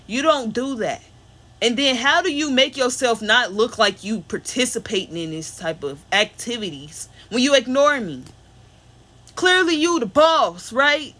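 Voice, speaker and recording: A woman's voice: a little high, a bit bright. A woman working as a spiritual reader, talking in an unscripted, rambling monologue full of slang and blunt insults.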